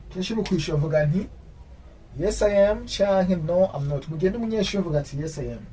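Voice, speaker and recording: A man teaching an English grammar lesson, explaining in his own language and repeating English example sentences slowly. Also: high-pitched, expressive, mellow, distant mic, slight background noise, rough recording.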